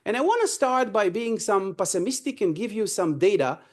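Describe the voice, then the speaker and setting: A man's voice: high-pitched, lively intonation, normal speed. Hesitant academic man lecturing. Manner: hesitant, many fillers and restarts. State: coughing from allergy. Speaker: invited speaker. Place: university lecture room.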